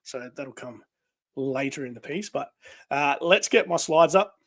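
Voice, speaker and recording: A man's voice: on the high side, lively intonation, a little slow, a bit bright, no echo. A man with an Australian accent co-hosting a casual livestream, reading out viewer comments, with many fillers and frequent laughs. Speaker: livestream co-host.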